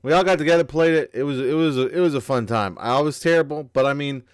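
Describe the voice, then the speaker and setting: A podcast co-host in a casual gaming news chat rambles and swears, often restarting sentences and joking at his own expense. His voice is fairly high, clear and resonant, and he talks fast, recorded dry at studio quality.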